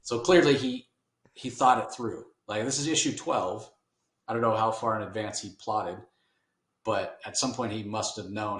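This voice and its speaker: Man, low voice, loose rambling comic recap, roomy echo. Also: moderate pace, a bit bright. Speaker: podcast host. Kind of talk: casual comic book discussion.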